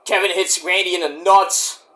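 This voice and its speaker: A man's voice: high-pitched, steady tone, normal speed, fairly bright tone. A man reviewing shows, giving rambling, profane running commentary as he watches. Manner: rambling, profane, talks to himself about the action. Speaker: show reviewer.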